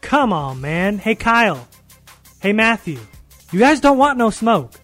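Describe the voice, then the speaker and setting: Trash-talking podcast host, high voice. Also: male voice, very animated, unhurried, a bit bright, faint music behind. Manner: trash-talking, mock-indignant. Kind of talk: comedic roast monologue.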